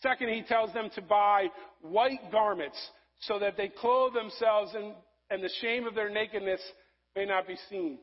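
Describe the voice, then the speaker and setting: A man preaching a sermon, rising to loud emphasis and dropping to soft, low passages. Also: moderate pace, dull audio. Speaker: pastor.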